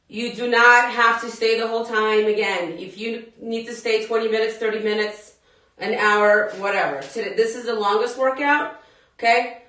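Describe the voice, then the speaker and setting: Woman fitness instructor, chatty and laughing, bright lively voice, booming echoey room, a bit far from the mic. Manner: chatty, laughing, talks straight to viewers. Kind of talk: live workout class talk.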